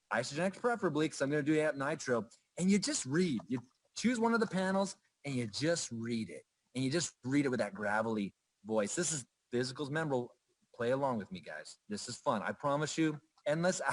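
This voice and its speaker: A man's voice: mid-range voice, animated, brisk, no echo. A middle-aged man hosting a company livestream, enthusiastic and playful, joking with the chat. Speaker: host. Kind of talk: upbeat livestream presenting.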